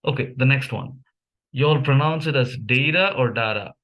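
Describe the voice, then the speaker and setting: With fairly even intonation, a mid-range voice and moderate pace, a young Indian language vlogger whose native tongue is Malayalam reviews memes. He talks casually in Indian English, with many fillers and restarts.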